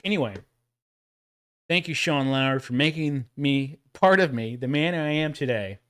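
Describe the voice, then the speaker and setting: A man's voice: medium pitch, unhurried, clean tone. A man in his forties with a Texan accent, hosting a casual livestream and rambling as he reacts to old commercials. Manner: rambling, chatty, laughs at his own jokes.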